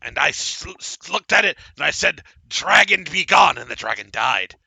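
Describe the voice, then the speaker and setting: A wild-eyed little halfling braggart, put on by a man, raising his voice high and loud as he boasts and stammers. The tone is gravelly and raspy, bright and sharp, and it swoops all over. The sound is dry and close. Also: big pitch swings, moderate pace, no room sound, exaggerated voice. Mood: boastful. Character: boastful, paranoid, excitable male halfling.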